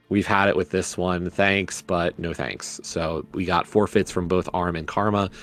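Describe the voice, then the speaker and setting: A man commentating a live video game race, then chatting casually with the players. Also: deep voice. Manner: relaxed, chatty, asks players questions.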